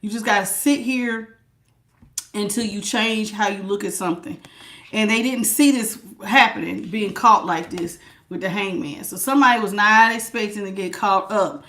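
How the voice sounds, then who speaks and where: A woman doing a casual live tarot reading, chatty and lively, calling her viewers baby and honey. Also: medium pitch, normal speed. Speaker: tarot reader.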